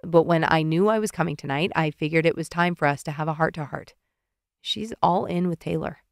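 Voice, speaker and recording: Picture a woman reading an audiobook, doing a gentle young man in love, his voice pitched a touch lower than hers and kept soft and hushed. He sounds tired but sincere. The recording is close and completely dry. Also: fairly quick, gravelly, no room sound. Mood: tender. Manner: soft, low-key and hushed.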